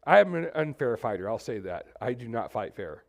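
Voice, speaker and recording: A middle-aged man, preaching a sermon in a church in a lively, conversational way and talking straight to the congregation. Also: mid-range voice, brisk. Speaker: pastor. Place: church sanctuary.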